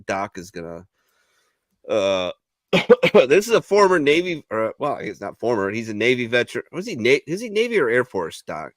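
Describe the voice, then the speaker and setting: A man's voice: medium pitch, huge pitch swings, normal speed, no room sound, clean studio sound. A man hosting a casual veterans' talk show, rambling and swearing freely, a little tipsy. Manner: loose, rambling, profane storytelling. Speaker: podcast host. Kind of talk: casual chat.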